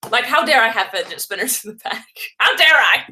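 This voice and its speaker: A woman's voice: a little high, lively intonation, normal speed, sharp tone. A woman chatting casually on a livestream, rambling and laughing often as she answers comments. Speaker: vlogger live-streaming. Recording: roomy echo.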